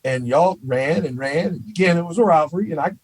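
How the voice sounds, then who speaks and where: Animated man telling coaching stories. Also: a little high, brisk, dry recording, low-quality recording. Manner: animated storyteller, peppered with "you know". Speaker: college baseball head coach, podcast guest. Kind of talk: casual storytelling in an interview.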